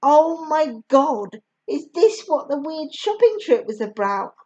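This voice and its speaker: A woman voicing a blunt, exasperated schoolgirl in a high voice, on a slightly dull recording. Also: big pitch swings, takes it slowly, mellow, exaggerated voice.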